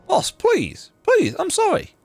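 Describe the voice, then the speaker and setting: A man's voice: extremely high pitch, expressive, normal speed, gravelly, faint music behind, pitched above the performer's own voice, full character voice. A man voicing a nervous, grovelling male bandit underling with a whiny, pleading tone.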